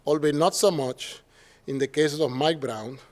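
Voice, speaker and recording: A man with a Puerto Rican Spanish accent gives an academic lecture to a symposium audience. His voice sits a little high, and he keeps it conversational, tossing out quick tag questions and acting out the people he quotes. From Puerto Rico. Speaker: professor giving a symposium talk.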